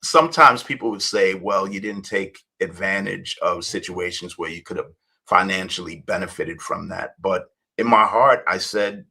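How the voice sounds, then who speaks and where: A man's voice: deep voice, moderate pace, creaky, pushed and bright, husky, poor audio. A middle-aged man from the United States, a guest on an interview, telling rambling stories with many fillers and restarts. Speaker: guest, hip-hop journalist. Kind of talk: storytelling interview.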